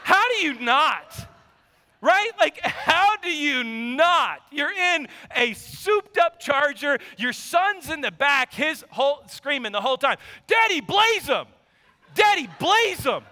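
A pastor in his thirties preaching a sermon and telling a personal story, animated, dropping to low asides and rising to shouted emphasis. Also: takes it slowly, long reverb tail. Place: church sanctuary.

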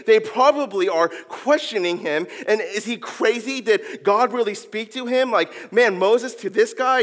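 A man delivers a lively sermon in a high voice. He acts out characters from the story in casual slang. His voice rings with the long reverb of a church hall. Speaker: preacher.

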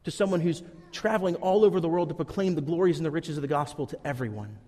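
A man's voice: fairly high pitch, fast talker, dark tone. Guy preaching a sermon, earnest storyteller voice, big hall echo around him. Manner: earnest storytelling, acts out quotes. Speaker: pastor.

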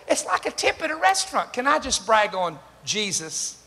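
Animated older pastor, bright voice. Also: male voice, high voice, normal speed, gravelly. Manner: animated, acts out quoted voices, jokes with the congregation. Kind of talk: sermon with storytelling. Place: church sanctuary. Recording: reverberant hall with faint ambient noise.

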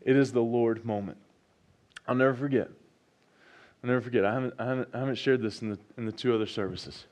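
Man, pastor, sermon, repeats key lines, swings from quiet to loud. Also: mid-range voice, quick pace, long pauses. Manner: preaching with rising excitement and repetition.

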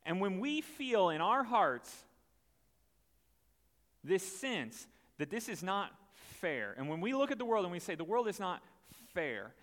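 A man gives an animated, conversational sermon. His voice is fairly high and swings widely in pitch. A long hall reverb follows each phrase. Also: a little slow. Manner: animated, conversational, acts out the story. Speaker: preacher.

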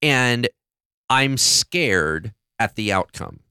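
A man's voice: medium pitch, lively intonation, extremely slow, bright, forceful tone, smooth, no echo, studio quality. A man co-hosting a podcast in a casual discussion, telling stories expressively and acting out his own reactions. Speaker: podcast co-host.

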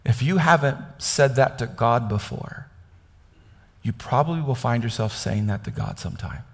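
A man's voice: mid-range voice, normal speed, long reverb tail. A man from Kansas preaching a conversational sermon, often asking his listeners questions. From Kansas, United States. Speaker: pastor.

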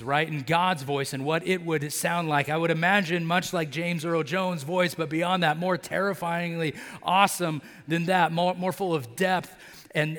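Male pastor, conversational sermon, slightly higher voice, filler-heavy, long hall reverb. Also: fairly bright tone. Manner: conversational, many fillers like "like" and "right?"; acts out characters' lines in his storytelling. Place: church sanctuary.

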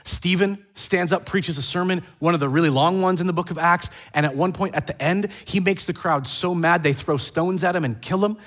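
Male pastor, slightly high voice, animated storyteller, casual sermon. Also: fairly quick, few pauses. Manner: animated storytelling with acted quotes and asides. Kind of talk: casual sermon retelling scripture.

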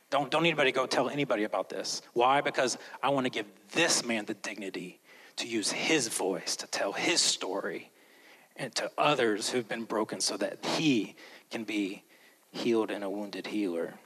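Male pastor, sermon, dynamic preaching, loud emphasis then hushed whispers. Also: medium pitch, low-quality recording.

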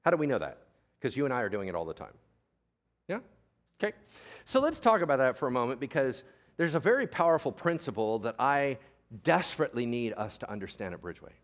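A man preaching a sermon as pastor, animated and joking, acting out the voices of people in the story. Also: medium pitch, fast. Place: church.

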